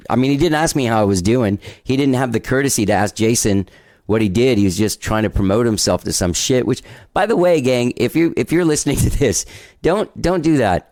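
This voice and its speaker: A man's voice: fairly low pitch, a little mellow, no room sound, studio quality. A man hosting a podcast, rambling through a casual, self-deprecating intro and swearing now and then. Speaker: podcast host.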